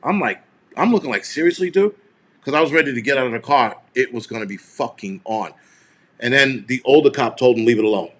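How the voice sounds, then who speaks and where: A man's voice: medium pitch, animated, brisk. A man in an ordinary middle register hosts a live stream, telling a story in a heated, profane, rambling way. He restarts sentences and swears constantly as he works himself up. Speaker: show host.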